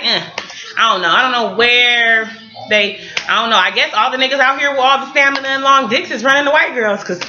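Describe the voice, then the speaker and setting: Casual blunt recap girl, bright voice, pitch all over the place, muffled home mic. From San Diego, California. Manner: animated, blunt and profane. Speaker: recap vlogger.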